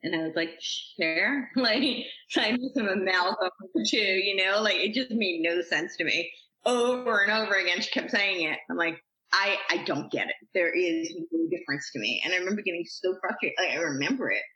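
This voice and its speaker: A woman guest on a podcast, telling stories from her life in a chatty, animated way, acting out what people said. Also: medium pitch, fairly quick. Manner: chatty, animated, uses "like" a lot and acts out quotes. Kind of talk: casual storytelling interview. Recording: echoey room, slightly dull sound.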